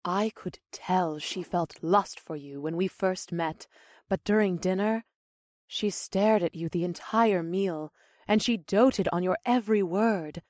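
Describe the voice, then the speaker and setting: A man voicing a gentle, devoted elven wife who speaks in a formal, unhurried way. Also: high voice, no echo, clean studio sound, pitched above the performer's own voice. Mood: earnest.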